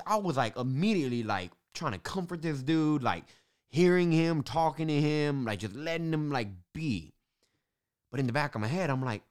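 Animated man telling a founder story. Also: a little high, normal speed. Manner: animated, swears, laughs between beats, restarts often. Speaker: entrepreneur telling his launch story. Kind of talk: casual storytelling monologue.

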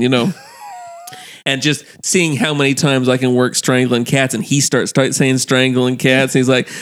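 A man telling a long profane story in casual chat, acting out the people he quotes. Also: medium pitch. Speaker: podcast guest telling a story.

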